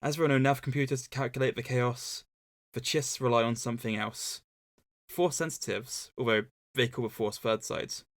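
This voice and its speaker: A man co-hosting a relaxed book-club podcast, walking through a story's events in a steady, mid-pitched voice. He drops in deadpan jokes between recap points. The sound is dry and close, with no room echo. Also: moderate pace. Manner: dry joking asides between plot recaps. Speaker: podcast co-host. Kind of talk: casual book-club podcast, summarizing a novel.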